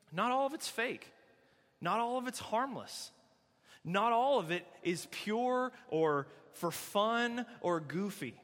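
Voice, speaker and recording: A man preaching a sermon, telling a story in a conversational, animated way. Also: on the high side, in a large hall. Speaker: pastor.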